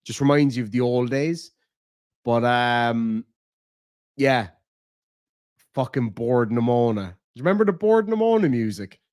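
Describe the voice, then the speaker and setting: A man's voice: mid-range voice, expressive, measured pace, pauses often, a little mellow, clear, resonant tone, dry recording, studio quality. An Irish man hosting a casual live stream from home, rambling and swearing as he chats and laughs with his audience. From Ireland. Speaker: livestream host.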